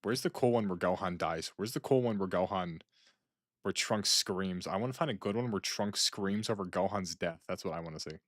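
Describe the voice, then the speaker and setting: A man's voice: sits low, a little fast, dry recording, studio quality. A young man streaming from home who rambles casually and jokes while reacting to videos, often trailing off mid-thought.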